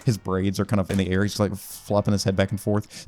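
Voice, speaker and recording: Rambling low-voiced man gaming. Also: completely flat delivery, fast, few pauses, mellow, soft background music. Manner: rambling, joking, lots of fillers and voice bits. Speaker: gaming YouTuber. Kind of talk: let's play commentary.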